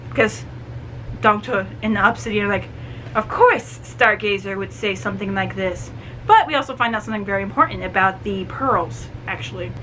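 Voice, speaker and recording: A woman chatting through a book review, animated and full of "like" and "you know". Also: on the high side, a little hiss or hum, poor audio. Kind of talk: casual book review vlog.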